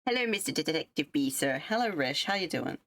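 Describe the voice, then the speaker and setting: A woman's voice: low voice, animated, a little fast, a bit bright, no room sound. A young woman streamer chatting casually with her viewers, rambling and self-deprecating. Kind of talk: casual livestream chat.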